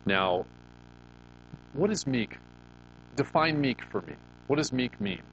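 A middle-aged pastor with a medium-pitched, slightly bright voice preaches slowly yet animatedly, captured in lo-fi sound with slight background noise. His sermon unfolds as folksy personal storytelling, conversational and full of questions aimed at the congregation.

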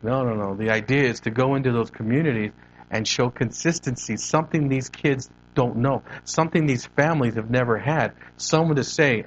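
A man preaching a sermon, animated and conversational, moving his hands as he talks. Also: medium pitch, normal speed, dull audio, a little hiss or hum. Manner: animated preaching with hand gestures. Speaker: pastor.

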